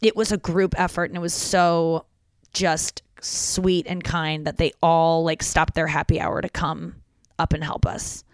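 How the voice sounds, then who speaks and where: A woman hosting a podcast, telling a story in a lively, rambling way full of "like" fillers. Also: low voice, measured pace, no echo, studio quality. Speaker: podcast host. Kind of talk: casual comedic storytelling.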